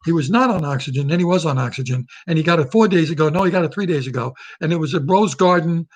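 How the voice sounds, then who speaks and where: A man talking straight to his audience in a loose comic monologue, jumping from joke to joke. His voice sits somewhat high for a man, and his tone stays sarcastic and rambling. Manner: rambling, sarcastic riffing with quick jokes. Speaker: comedian and host.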